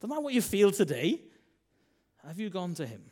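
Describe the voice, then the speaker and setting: A man, a minister preaching a sermon in a chatty style, full of tag questions and swings between loud and soft. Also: high-pitched, huge pitch swings, brisk, husky.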